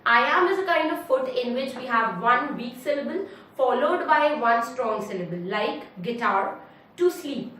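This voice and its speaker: A high-voiced woman with an Indian English accent gives a classroom lesson on poetic meter, repeating example words slowly to mark their syllables. She stands back from the mic in a strongly echoing room, with a faint hum of ambient noise behind her. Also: expressive, fairly bright tone, distant mic. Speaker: English teacher.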